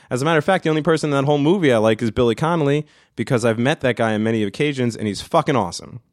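A middle-aged man hosting a solo podcast, ranting with lots of swearing and breaking into loud screams. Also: medium pitch, dry recording, clean studio sound. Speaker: podcast host. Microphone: studio mic.

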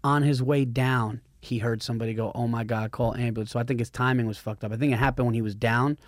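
A man hosting a casual podcast chat, telling his own stories quickly, swearing, and restarting his sentences. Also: medium pitch, fairly even intonation, no echo, studio quality. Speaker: podcast host.

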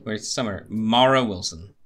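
Male co-host, low pitch with a bright, forceful edge, offhand chat. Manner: offhand, quick agreeing replies. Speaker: podcast co-host. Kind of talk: casual chat.

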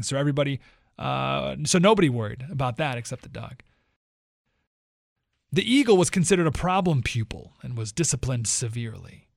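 A man hosts a talk radio show and reads a story aloud to his listeners. His voice sits a bit high and swings widely in pitch. The sound is dry and close. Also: vocal fry, no room sound. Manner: animated storytelling with quick asides.

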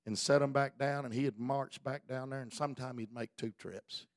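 A man preaching a sermon in a folksy, colloquial storytelling manner, building up to fervent, near-shouted exhortations. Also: mid-range voice, fairly even intonation, normal speed, no echo, studio quality.

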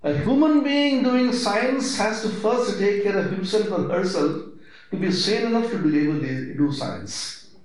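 A man giving a spiritual discourse, asking rhetorical questions and stressing his points. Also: a little slow. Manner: emphatic, rhetorical questions, lively swings in pitch. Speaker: spiritual teacher. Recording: very echoey hall.

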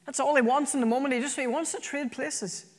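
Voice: high voice, steady tone, fairly quick. A preacher delivering an earnest sermon, often repeating phrases for emphasis. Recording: long reverb from a hall.

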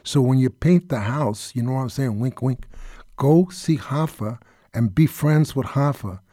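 A man doing an impression of a soft-spoken older male gangster actor, talking low and knowing. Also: measured pace, dry recording, studio quality, natural voice. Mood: hushed knowing.

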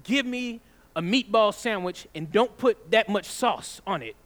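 A man's voice: high voice, animated, measured pace, fairly bright tone, long reverb tail. A man voicing a curt, grumpy woman customer. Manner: curt, mean. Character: grumpy rude woman customer ordering food.

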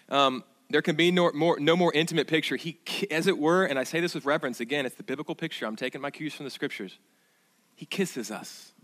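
A man preaching a sermon as pastor, earnest and direct with his listeners, rising to emphatic bursts and dropping to hushed, reverent low tones. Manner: addresses listeners directly with asides and questions.

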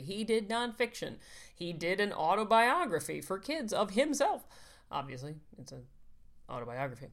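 A woman's voice: medium pitch, fairly bright tone. A woman co-hosting a casual book chat, chatty and playful with jokey asides. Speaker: podcast co-host.

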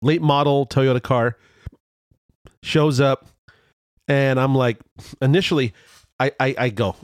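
Man, mid pitched, casual storyteller, lots of restarts, dead dry recording. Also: moderate pace, long pauses, no room sound. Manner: rambling with frequent restarts and fillers; animated, jumps higher when excited. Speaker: vlogger telling a road story.

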